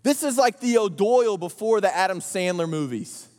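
A man preaching a sermon, telling the story in a joking, animated way with slang and acted-out voices. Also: sits high, normal speed. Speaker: pastor. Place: large church auditorium. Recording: long hall reverb.

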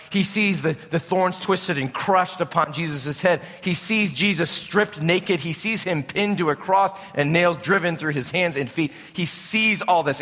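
Impassioned preacher man in a reverberant hall. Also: fairly high pitch. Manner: impassioned, swings from loud to hushed. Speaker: pastor. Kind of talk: sermon.

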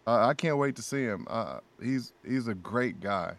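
A man of middle pitch chats as a podcast guest. He tells stories with animated energy, laughs often and keeps circling back to repeat his phrases. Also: normal speed. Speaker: guest voice actor. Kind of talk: casual podcast chat.

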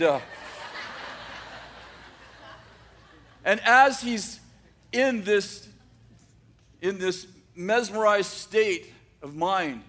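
A man telling a story aloud, unhurried, with dramatic pauses and frequent restarts. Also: high-pitched, a bit bright. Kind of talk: oral storytelling.

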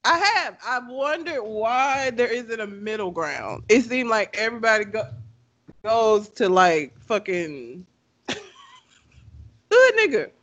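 A laid-back man co-hosting a podcast with a notably high voice. He chats loosely, agrees readily and breaks into laughter between remarks. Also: lively intonation, slow, sharp tone. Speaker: podcast co-host. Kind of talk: casual chat.

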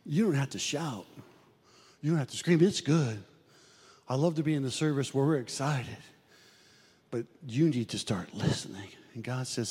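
A man preaching a sermon to a church, animated and acting out the voices he quotes. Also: normal speed, big-room sound. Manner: animated preaching, acts out quoted voices, rises and drops in pitch.

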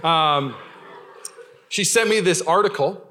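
Bright, joking young pastor. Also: male voice, a little high, slow, slight background noise. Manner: casual, joking, many fillers and restarts. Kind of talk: sermon.

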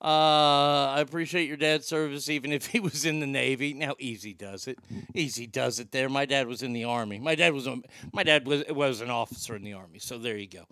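A man's voice: medium pitch, a little fast, few pauses, pushed and bright, clear, resonant tone, no room sound, studio quality. A man from Oklahoma hosting a livestream, reading out viewer comments with jokes and banter. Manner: bantering, joking, reads comments aloud. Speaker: livestream host.

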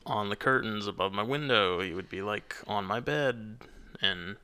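A man's voice: on the low side, normal speed, pushed and bright, clean tone. A young man from the United States co-hosting a podcast, talking casually and rambling with frequent restarts. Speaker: podcast co-host. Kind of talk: casual chat.

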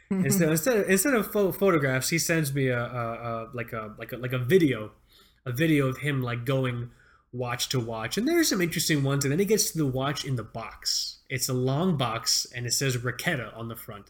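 A man's voice: mid-range voice, lively intonation, moderate pace. A young man co-hosting a podcast in casual chat, rambling, swearing and repeating words, often laughing. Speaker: podcast co-host.

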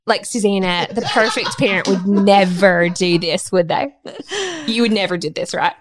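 A woman in her thirties co-hosting a parenting podcast, telling stories with animated, expressive delivery. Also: mid-range voice, moderate pace, a crowd in the background. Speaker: regular podcast co-host. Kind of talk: casual parenting chat.

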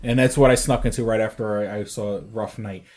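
A man's voice: fairly low pitch, fairly even intonation, a little fast, a little mellow. A man co-hosting a casual movie podcast, rambling and swearing, full of fillers and restarts. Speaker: podcast co-host. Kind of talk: casual chat about movies.

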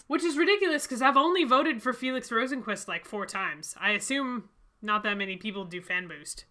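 A woman's voice: fairly high pitch, brisk, bright, forceful tone. A woman co-hosting a podcast in casual chat, enthusiastic and joking. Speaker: podcast co-host.

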